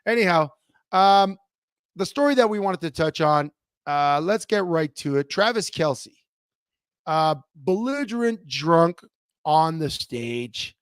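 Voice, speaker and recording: A middle-aged man co-hosting a podcast, telling a long story in a rambling, animated way with many restarts. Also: fairly high pitch, slow, clear, resonant tone, no echo, studio quality. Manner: animated, rambling, self-interrupting. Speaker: podcast co-host. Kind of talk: casual storytelling chat.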